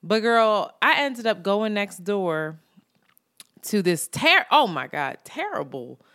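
A young woman co-hosts a casual podcast chat, speaking at medium pitch and a slow pace. She's an animated storyteller who swears freely and acts out the people she quotes. The studio-quality recording has no echo.

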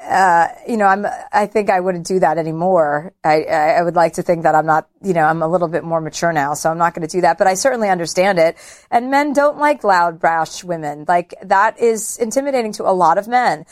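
A woman's voice: lowish voice, fairly quick. A middle-aged woman, a comedian and former talk show host, talking bluntly and openly about her feelings in an interview, often poking fun at herself. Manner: blunt, self-deprecating, open about feelings. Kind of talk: candid interview conversation.

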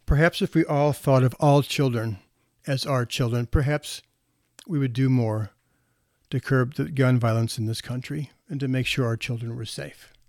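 A man hosting a podcast, telling stories in an earnest, measured way and reading aloud with pauses. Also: mid-range voice, fairly even intonation, darkish tone, dry recording, studio quality. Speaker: podcast host. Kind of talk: reflective storytelling monologue.

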